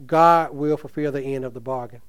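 A man's voice: medium pitch, fairly even intonation, normal speed, clean tone. A man preaching a sermon, reading scripture aloud and asking the congregation questions with emphasis. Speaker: pastor.

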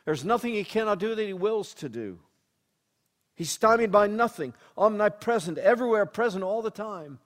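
Guy preaching a sermon, kinda high voice, goes quiet then big and loud, reads scripture real slow. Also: lively intonation. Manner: dynamic, swings from hushed storytelling to loud emphatic proclamation; reads scripture slowly and deliberately.

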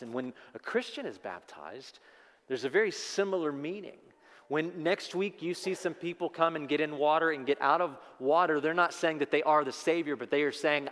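A pastor preaching a sermon, rising into loud, slow emphatic passages and drawing responses from the congregation. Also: male voice, a little high. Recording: reverberant hall sound.

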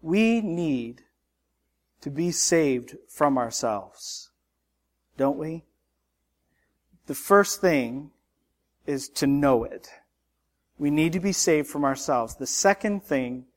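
High-voiced man preaching a sermon. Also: animated, slow, pauses often. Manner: preaching with rising emphasis, repeating words. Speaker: pastor.

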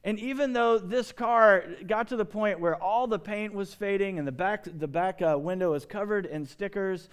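A middle-aged man and pastor, preaching a sermon with lively storytelling and big swings in pitch and loudness. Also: normal speed, few pauses, clear, resonant tone.

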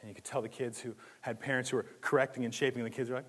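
A man preaching a sermon in a church, conversational and animated, with jokes and asides. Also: mid-range voice, very fast, husky, in a large hall. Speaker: pastor.

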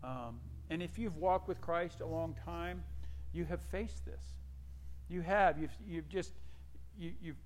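A man preaching a sermon as a pastor, whose voice sinks low and quiet on his key points and lifts when he tells stories about himself. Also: measured pace. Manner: drops his voice at points of emphasis; animated storytelling with self-deprecating asides.

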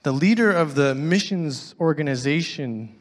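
A man preaching a sermon in a hall with a long, lingering reverb. He reads scripture aloud and comments on it, going from loud, emphatic lines to soft, almost whispered ones. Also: fairly high pitch, lively intonation, measured pace. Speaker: pastor.

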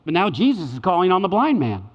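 High-voiced preacher in an echoing hall. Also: male voice, wildly swooping pitch, fast talker. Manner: emphatic, repeats key phrases, swings between loud and hushed. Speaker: pastor. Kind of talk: sermon. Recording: dull sound with long hall reverb.

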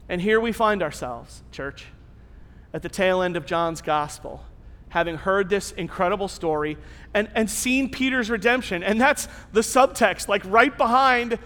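A man's voice: high-pitched, unhurried, pushed and bright. A man preaching a sermon to his church in a conversational way, with rhetorical questions and emphatic repetition. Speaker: pastor. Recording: long church-hall reverb.

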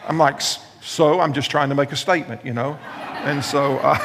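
A man's voice: fairly high pitch, steady tone, moderate pace, long reverb tail, noisy background. A man preaching a sermon as pastor, telling funny stories and repeating his key lines for emphasis.

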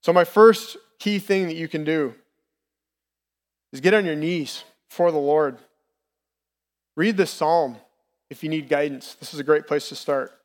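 A man's voice: a little high, unhurried, long pauses. Candid man preaching in a reverberant hall. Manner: candid, personal, conversational preaching. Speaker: lay preacher. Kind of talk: sermon.

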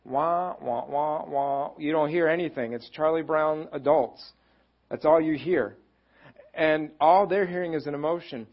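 Husky-voiced man preaching a sermon. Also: fairly high pitch, normal speed, muffled recording. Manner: conversational, self-deprecating humor. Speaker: pastor.

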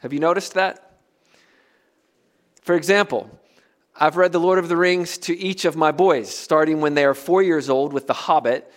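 A man's voice: on the high side, moderate pace, pauses often. Earnest man preaching a sermon. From United States. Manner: earnest, emphatic preaching with soft dropped asides. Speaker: pastor.

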